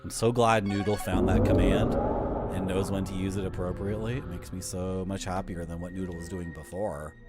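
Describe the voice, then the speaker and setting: A man's voice: low voice, steady tone, brisk. A man streaming a video game, chatting casually, swearing and teasing his chat. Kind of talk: casual gameplay commentary. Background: game music.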